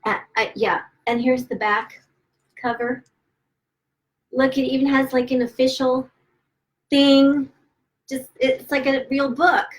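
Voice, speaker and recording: A woman author on a livestream, emotional and close to tears, gushing with excitement and stumbling over her words as she celebrates her new book at home. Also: high-pitched, low-quality recording. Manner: gushing and excited, halting with restarts. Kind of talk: casual livestream chat. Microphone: phone or webcam livestream.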